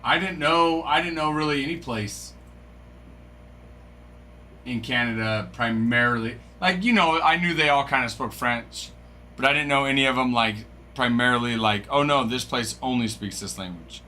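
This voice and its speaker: Bright clear guy rambling on a live stream, faint hum behind, just chatting with chat. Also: mid-range voice, moderate pace. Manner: chatty, musing aloud, reads from a screen, stumbles over French names. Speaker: card break streamer.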